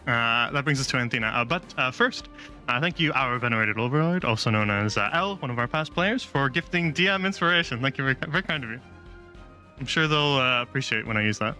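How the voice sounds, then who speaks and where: A man's voice: mid-range voice, lively intonation, fast, bright, forceful tone, soft background music. A man running a tabletop game as game master, describing the scene in an easygoing, rambling way.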